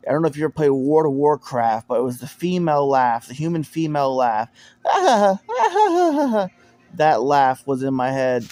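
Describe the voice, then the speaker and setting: With a mid-range, darkish voice, a storyteller shares a personal experience in a loose, casual monologue. He rambles, repeats words and frequently starts sentences over.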